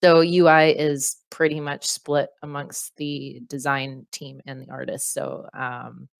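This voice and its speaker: A woman's voice: rumbling low, level tone, slow pace, gravelly, no echo, clean studio sound. A woman developer reading out and answering community questions on a voice call, chatty and self-deprecating. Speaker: game developer. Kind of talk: casual Q&A in a voice call. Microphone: computer mic on a voice call.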